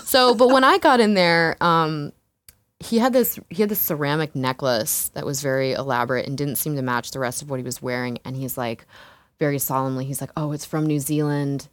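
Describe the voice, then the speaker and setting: This interview guest is a female exotic dancer with a very deep voice, recorded with no room sound. Her storytelling is casual and blunt, peppered with swearing, frequent laughter, and plenty of "like" and "you know."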